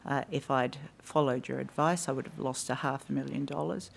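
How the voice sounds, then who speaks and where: Gravelly-voiced woman giving evidence. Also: very deep voice, fairly even intonation, slight background noise. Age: 50s. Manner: measured and precise, with dry wry asides. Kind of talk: formal testimony recounting a conversation. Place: hearing room of a public inquiry.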